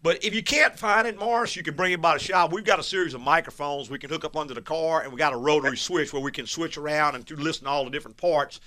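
Man, car radio host, fairly high voice, bright tone, practical advice. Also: fast talker, few pauses. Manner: plainspoken, practical, explains step by step. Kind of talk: call-in advice talk.

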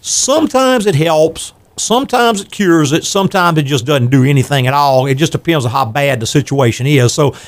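A man's voice: on the high side, moderate pace, few pauses. An older man hosting a call-in radio show on car repair, explaining at length and laughing easily. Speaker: radio show host, garage owner.

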